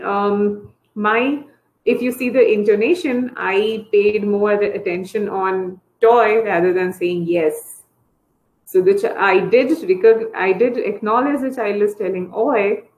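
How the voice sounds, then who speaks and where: A woman therapist explains speech techniques to parents in an easy, mid-pitched voice. She often jumps into high, sing-song demonstrations of how to talk to small children. The sound is roomy and echoey, as from a video call. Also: a little mellow. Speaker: early intervention therapist. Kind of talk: online parent training talk.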